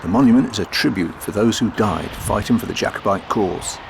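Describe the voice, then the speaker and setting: A man's voice: on the low side, brisk, vocal fry, noisy background. A man narrating his own road-trip vlog in a chatty, jokey way, mixing casual remarks with read-out facts. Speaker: travel vlogger.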